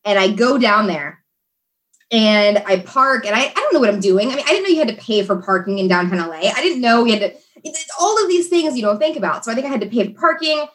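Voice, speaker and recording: A woman, a guest in a conversation, tells a story in a lively, chatty manner with many fillers. Her voice sits a little higher than most. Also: fast, a little hiss or hum. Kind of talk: casual storytelling.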